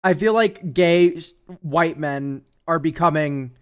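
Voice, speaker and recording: A young man with a high voice chats casually on a stream. He rambles and jokes sarcastically, laughing often between thoughts. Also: slow, clean tone. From United States. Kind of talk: casual chat.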